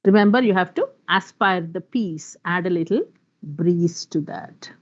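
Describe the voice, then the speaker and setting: A woman's voice: fairly low pitch, moderate pace, muffled recording. A woman giving an online workshop talk, explaining rules and listing example words. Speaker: workshop speaker on pronunciation.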